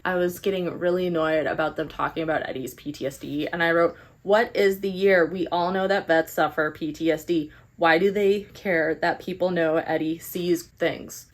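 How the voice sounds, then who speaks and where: A young woman chatting casually through a book review, animated and sarcastic. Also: fairly low pitch, vocal fry. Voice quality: animated, sarcastic, eye-rolling. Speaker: book vlogger.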